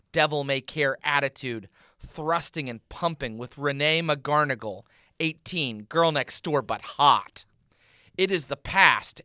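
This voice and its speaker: A man hosting a comedy podcast, reading his own screenplay's stage directions in a deadpan way. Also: on the high side, dry recording, clean studio sound.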